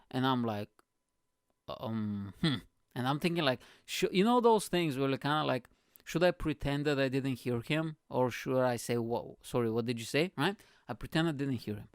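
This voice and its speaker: A man's voice: mid-range voice, no room sound, studio quality. A male comedian hosting his own show and telling a rambling, profane story, full of "you know" and "right?". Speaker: comedian host.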